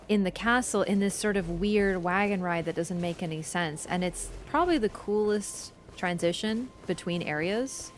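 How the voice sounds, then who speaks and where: A woman's voice: lowish voice, slight background noise. A woman streamer giving casual, chatty gameplay commentary, rambling through asides and fillers. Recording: stream mic with game music behind. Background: game music.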